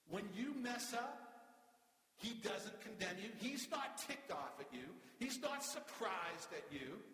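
A man preaching a sermon as pastor, animated and emphatic, slowing down to stress key words. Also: sits high. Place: church. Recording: echoey church hall.

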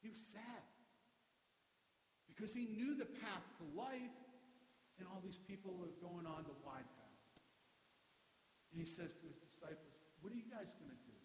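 A male pastor preaching a conversational, animated sermon, often repeating words as he builds a point. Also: high voice, moderate pace, pauses often. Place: church sanctuary. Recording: echoey hall with faint hiss.

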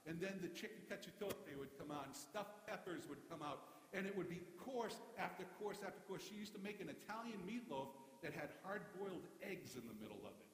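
A man's voice: high-pitched, animated, fairly quick, few pauses, slight background noise. A man giving a sermon as pastor, telling humorous stories in a conversational way. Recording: echoey hall.

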